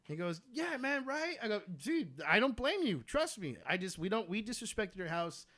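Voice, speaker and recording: A male comedian tells a story on a podcast, acting out each person's lines and swearing freely. His voice sits high and bright. It leaps up and down as he goes. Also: moderate pace. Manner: animated, swears a lot, acts out what others said. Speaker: guest comedian.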